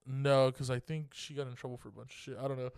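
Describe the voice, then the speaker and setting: In a clean studio recording with no echo, a young podcast co-host from California rambles through a profane story, laughing as he goes. He talks fast in a flat delivery, with a medium-pitched, darkish, clean-toned voice.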